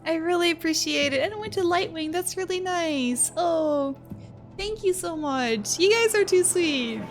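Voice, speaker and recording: With an extremely high, expressive voice at a measured pace, a woman streaming live reads chat aloud and chats casually with her viewers. She's giggly, laughing often between lines and gushing thanks, while music plays behind her.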